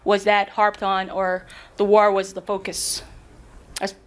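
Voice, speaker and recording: A woman's voice: medium pitch, monotone, a little slow. A woman who serves as an active-duty Marine sergeant, speaking up from the audience at a live event, direct and good-humored. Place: restaurant event room.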